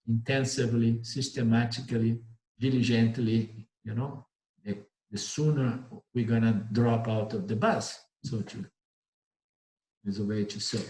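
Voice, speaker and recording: A man with a Brazilian Portuguese accent gives a spiritual teaching talk, telling stories, repeating and rephrasing himself and acting out the voices of the people in them. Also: medium pitch. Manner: storytelling, repeats and rephrases, acts out voices in the story. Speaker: Vedanta teacher. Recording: roomy echo.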